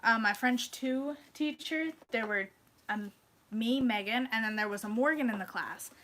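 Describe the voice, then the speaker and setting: Bright-voiced young woman. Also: a little high, normal speed, a little hiss or hum, low-quality recording. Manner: animated storyteller, giggly. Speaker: co-host, daughter. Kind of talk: casual chat while crafting.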